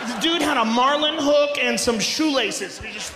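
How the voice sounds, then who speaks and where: A middle-aged man doing a stand-up comedy routine on a big theater stage, loud and profane, shouting his punchlines. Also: extremely high pitch, moderate pace, few pauses. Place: large theater stage before a live audience. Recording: echoey hall recording with audience noise.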